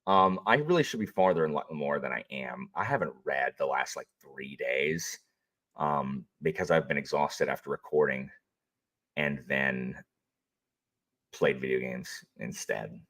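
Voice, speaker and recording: Chatty deep-voiced man streaming. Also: measured pace, fairly bright tone. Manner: rambling, chatty, greets viewers, frequent fillers and restarts. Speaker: audiobook narrator and livestream host. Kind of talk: casual livestream chat.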